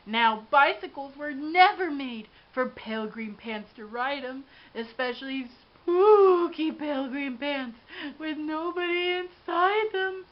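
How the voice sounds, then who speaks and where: A woman giving an expressive, dramatic read-aloud of a children's storybook. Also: sits high, takes it slowly. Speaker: storybook reader. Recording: dull lo-fi with faint hiss.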